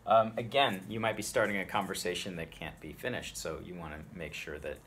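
Low-voiced man teaching spoken Latin. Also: steady tone, fairly bright tone, slight background noise. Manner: explanatory, repeats phrases slowly for learners. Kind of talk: spoken language tutorial.

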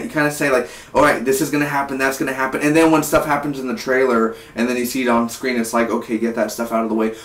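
Rambling young man reviewing films. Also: medium pitch. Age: 20s. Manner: rambling, restarts sentences, enthusiastic. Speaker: film reviewer. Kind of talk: casual vlog review. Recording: roomy, distant from the mic.

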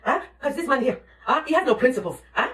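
A woman plays a loud, crude mother, ranting and exclaiming at her daughter. Her voice rises and falls with lively swings. It sounds recorded in an echoey room, a little away from the mic. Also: high-pitched, fast talker, distant mic. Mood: complaining. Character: loud bawdy middle-aged mother on the toilet. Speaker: comedic mother character. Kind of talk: comedy sketch acting.

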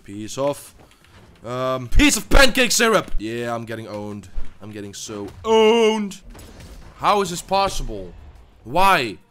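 A man commentating his own gameplay for his channel, jumping between loud outbursts and low muttering, often repeating himself. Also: sing-song, takes it slowly, clear, resonant tone. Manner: swears, stammers and repeats himself. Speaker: gaming YouTuber.

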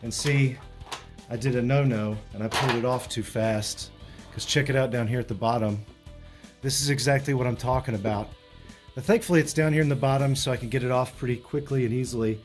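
A man hosting a hands-on repair walkthrough, explaining each step in a relaxed way with frequent fillers and restarts. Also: mid-range voice, fairly quick, faint music behind. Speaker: retro electronics repair host.

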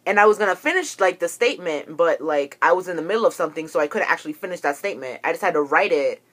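A woman's voice: lowish voice, lively intonation, quick pace, a bit bright, slightly rough. A young woman ranting to camera, agitated and profane as she tells a story about a falling-out. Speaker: vlogger.

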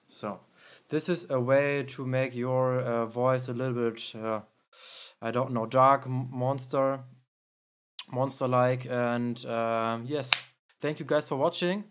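Male tutorial host, unhurried and halting, over a noisy background. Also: mid-range voice, steady tone. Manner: halting, with many fillers. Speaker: music production tutorial host. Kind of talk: casual tutorial explanation.

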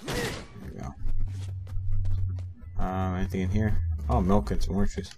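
Deep-voiced young man rambling over gameplay. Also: steady tone, normal speed, over music. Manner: rambling, many fillers, mutters to himself; talks back to game characters. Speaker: gameplay commentator. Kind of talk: casual let's play commentary.

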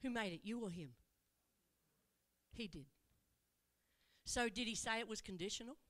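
A woman evangelist preaching in a church, telling the story in an animated way and asking rhetorical questions. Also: mid-range voice, normal speed. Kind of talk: sermon.

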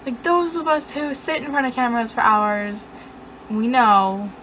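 A woman's voice: high voice, expressive, moderate pace, a bit bright, a little hiss or hum, rough recording. A young woman YouTuber chatting to camera in a joking, mock-boastful way. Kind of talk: casual chat to camera.

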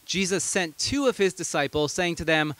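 Pastor, male, fairly high voice, relaxed storytelling sermon with amused asides, close and dry. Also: normal speed, no room sound.

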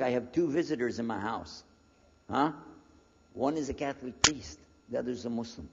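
An American man in his sixties telling a personal story as a preacher, animated and acting out the conversations he recalls. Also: fairly high pitch, breathy edge. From United States. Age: 60s. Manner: animated storyteller who acts out the dialogue. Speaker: preacher giving a lecture. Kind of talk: storytelling lecture. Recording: dull lo-fi recording in a reverberant hall.

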